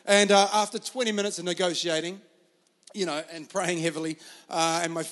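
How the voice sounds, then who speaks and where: A man's voice: sits high, steady tone, a little fast, fairly bright tone. A man with an Australian accent preaching a sermon, telling stories in a casual, chatty way. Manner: casual, storytelling, lots of fillers. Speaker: pastor. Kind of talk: sermon with storytelling.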